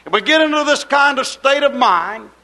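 A man preaching a sermon in an impassioned, rhythmic, repetitive way, with folksy colloquial grammar, swinging between raised exhortation and quiet asides. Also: very high voice, expressive, normal speed, gravelly, low-quality recording.

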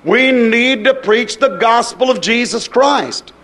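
A man preaches with a high, ringing voice, driving each point home. He slips into the voices of the people he quotes as he goes. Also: slow, fairly bright tone, slight background noise. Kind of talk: sermon.

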